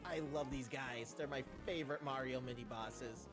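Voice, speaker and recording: A man streams a video game, chatting casually and laughing often in a mid-range voice at normal speed. Game music plays beneath his gameplay commentary.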